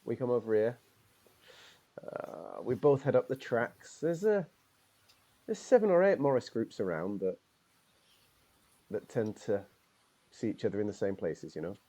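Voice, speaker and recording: Man doing a proud middle-aged Morris dancer for a role-play game: opinionated, rambling, lively up-and-down delivery. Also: on the low side, a little slow, long pauses, heavily acted. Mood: boastful. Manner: opinionated, rambling, says "aye". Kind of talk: improvised character role-play.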